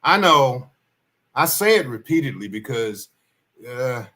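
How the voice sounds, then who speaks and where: Unhurried but with big swings in pitch, this livestream host speaks at a medium level in a sharp tone. He tells stories casually and folksily, rambling a bit and repeating his central points.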